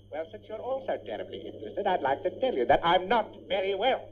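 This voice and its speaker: A man's voice: high-pitched, sing-song, fast. A man in a candid radio comedy sketch, grumbling and ranting in a complaining way. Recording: dull old radio recording with faint hiss.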